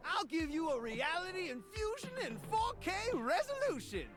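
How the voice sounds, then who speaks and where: An actor voicing a smooth-talking male TV set in a video game, flirting and speaking in rhymes. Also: extremely high pitch, big pitch swings, moderate pace, over loud music. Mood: flirty. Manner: rhyming, flirty, showy announcer patter.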